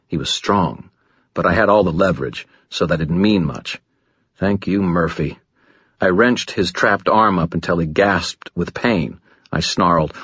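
A man narrating a first-person audiobook, gritty and dramatic, low and steady, close to the mic, in a dull, muffled recording. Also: husky, dry recording.

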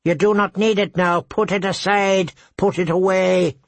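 A man reading aloud who voices a small male crow that speaks in teasing riddles, raising his voice higher than his usual. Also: fairly even intonation, a little slow, dry recording. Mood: urgent. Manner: riddling, lightly mocking.

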